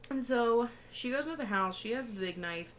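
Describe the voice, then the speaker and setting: A woman's voice: on the high side, lively intonation, brisk, a bit bright, slight background noise. A woman co-hosting a podcast, animatedly retelling a film in casual chat with frequent swearing and laughter. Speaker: podcast co-host.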